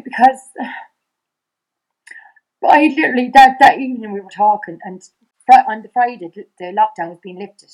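A middle-aged Irish woman, a podcast guest, retelling events in conversation. She talks in a fast, halting way, acting out past dialogue with many restarts. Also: fairly high pitch, a little mellow, low-quality recording. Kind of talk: personal storytelling in conversation.

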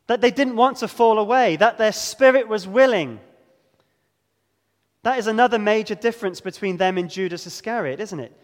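A man preaching a sermon, earnest and emphatic, slowing down to stress key words. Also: high-pitched, big-room sound.

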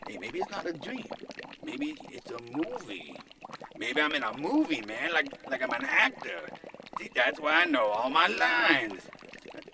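An actor playing a bewildered modern man stuck in a dream as a groveling servant, who booms flowery praise and mutters confused asides. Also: huge pitch swings, unhurried, gravelly, over a noisy crowd, exaggerated voice. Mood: baffled. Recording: noisy recording.

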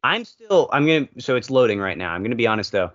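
Podcast co-host, male, mid pitch, rambling wry delivery, dull lo-fi recording. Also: very animated, fast talker, a bit bright. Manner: rambling, filler-heavy, wry. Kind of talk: casual chat.

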